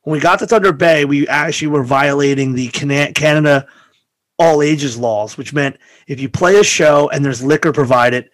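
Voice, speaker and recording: Animated, profane man telling road stories. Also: on the high side, moderate pace, no echo. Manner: animated, profane, acts out quoted voices. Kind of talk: casual storytelling chat.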